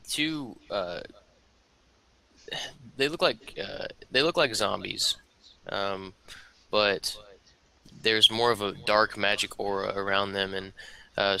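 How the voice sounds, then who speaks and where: A man narrating as dungeon master for a tabletop game, hesitant with many pauses and fillers. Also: fairly low pitch, vocal fry, bright, forceful tone, clear, resonant tone, low-quality recording. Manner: hesitant, many ums and uhs.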